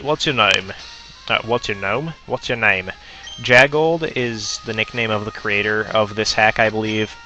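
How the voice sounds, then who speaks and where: A man's voice: fairly low pitch, sharp tone, highs cut off. A man giving casual gameplay commentary, hesitant with lots of ums and self-corrections. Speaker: let's player.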